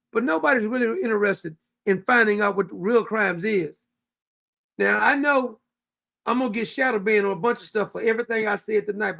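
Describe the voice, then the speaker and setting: A man's voice: very high voice, creaky, a bit bright. A man, hosting his own show and delivering a blunt, heated, profane political rant. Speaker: show host.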